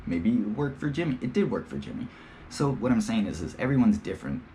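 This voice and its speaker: A man's voice: lowish voice, sing-song, a little fast, dark tone, a little hiss or hum. A young man hosting a podcast, talking in a rambling, slangy, profane casual monologue and slipping into playful impressions. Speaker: podcast host.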